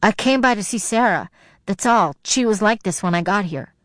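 A woman's voice: mid-range voice, animated, moderate pace, no room sound, natural voice. A woman reading the part of a scared, defensive teenage boy in an audiobook, in a tense voice close to her own. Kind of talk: audiobook character voice.

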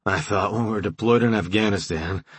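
A large male marine, low and grumbling, quick to protest, as a man reads him. His voice sits deep and husky. The reading is dry and close. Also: no echo.

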